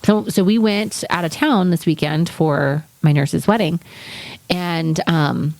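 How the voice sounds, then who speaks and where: A woman's voice: lowish voice, slow pace, gravelly, a little mellow, no room sound. A young woman co-hosting a podcast, chatting casually and acting out quotes as she tells a story, swearing freely. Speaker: podcast co-host. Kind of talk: casual chat.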